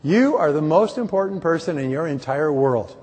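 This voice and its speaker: Husky middle-aged man speaking in a hall. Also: fairly high pitch, lively intonation, moderate pace, a little mellow. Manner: emphatic, repetitive, joking storyteller. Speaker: motivational speaker. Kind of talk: conference speech. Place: large conference hall. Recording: reverberant hall, from far off.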